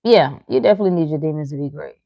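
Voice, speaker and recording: A livestream host reads her chat during a motivational talk, cursing, speaking plainly and teasing people with little laughs. Her voice sits low and races along very fast, the audio dull but with no room sound.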